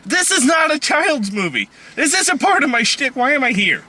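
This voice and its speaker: A man's voice: very high-pitched, big pitch swings, moderate pace, sharp tone. A man co-hosting a comedic movie review, ranting in an exasperated, profane way. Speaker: co-host of a movie review podcast.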